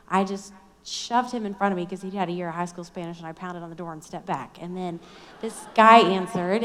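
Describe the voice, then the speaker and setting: A middle-aged woman telling a personal story in a chatty, self-deprecating way at a Christian conference. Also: lowish voice. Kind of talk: storytelling sermon talk. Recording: long hall reverb.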